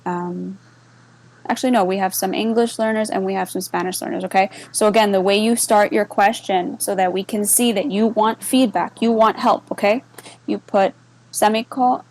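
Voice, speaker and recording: A woman moderator talks through a screen-share walkthrough, easy and unhurried. She slips back and forth between English and Spanish and keeps checking that listeners follow with a quick "okay?". Her voice sits at a middle pitch. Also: poor audio. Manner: relaxed, with many fillers. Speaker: server moderator explaining a bot. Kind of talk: casual screen-share tutorial.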